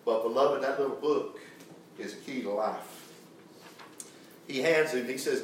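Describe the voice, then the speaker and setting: A man's voice: medium pitch, a little slow, a little hiss or hum. A man preaching a sermon, fervent and calling out for the congregation's responses. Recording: echoey church hall, distant mic. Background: congregation answering amen.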